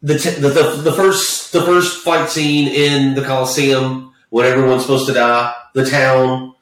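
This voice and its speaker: A man's voice: mid-range voice, little pitch movement, a little slow, a bit bright. A man chatting casually about movies, rambling and swearing with many false starts. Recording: echoey room, far from the mic.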